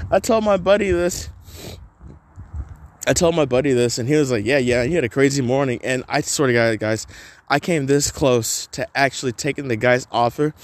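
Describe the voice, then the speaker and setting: A man hosting a podcast alone, telling a story in a rambling, profane way full of filler words. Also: mid-range voice. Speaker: podcast host. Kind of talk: casual solo storytelling.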